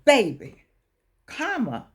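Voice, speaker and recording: Woman, middle-aged, casual to-camera talk, repeats herself, slow emphatic punches. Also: a little high, huge pitch swings. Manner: preachy, repeats herself, wanders off mid-thought; sudden emphatic stretched-out words. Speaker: online motivational speaker.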